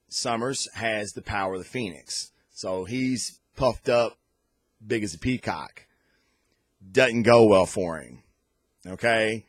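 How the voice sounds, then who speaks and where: A podcast host with a fairly low, animated voice takes his time giving an enthusiastic, rambling casual review of comic books, full of restarts and fillers. The audio is studio quality with no room sound.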